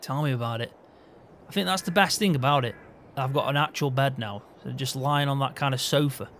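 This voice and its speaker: A man's voice: mid-range voice, a little fast, fairly bright tone, a little hiss or hum, lightly acted. A man playing an easygoing young farm hand, laughing often and mock-grumpy in game roleplay banter. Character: young male farm hand with his own caravan.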